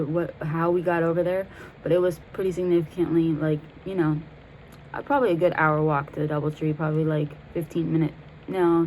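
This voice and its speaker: A woman's voice: fairly low pitch, darkish tone, slight background noise, rough recording. A young woman in her twenties telling a rambling, profane story in a casual way, laughing as she goes. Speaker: vlogger.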